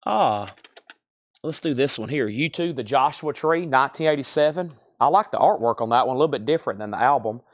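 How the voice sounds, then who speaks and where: A man hosts a live-stream record sale, reading out albums and prices in chatty patter and rambling between items. His voice is mid-range, animated and fairly quick, in a dry recording.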